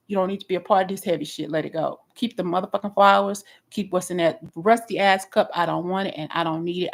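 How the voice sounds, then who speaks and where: A woman giving a live tarot reading in a blunt, expressive way, often restarting her sentences. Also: lowish voice, gravelly, rough recording. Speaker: tarot reader.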